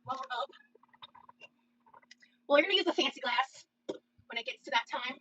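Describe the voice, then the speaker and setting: A woman's voice: sits high, very animated, normal speed, vocal fry, bright, forceful tone, a little hiss or hum, poor audio. A woman talking casually and offhandedly as she cooks in a video clip. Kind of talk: casual cooking video talk.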